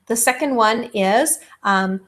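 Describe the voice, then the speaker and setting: A woman's voice: on the high side, slow pace, a bit bright. A woman giving a recorded lecture, with many ums, who stops to act out baby sounds herself.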